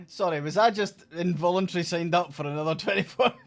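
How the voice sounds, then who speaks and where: A man's voice: sits high, fast talker, a crowd in the background. Tired man, self-mocking. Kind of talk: casual chat.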